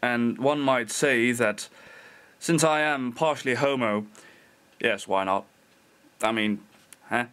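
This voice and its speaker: A man's voice: mid-range voice, slow pace, pauses often, fairly bright tone. A young Dutch man, a non-native English speaker, rambling self-mockingly in a casual vlog. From Netherlands. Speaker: vlogger.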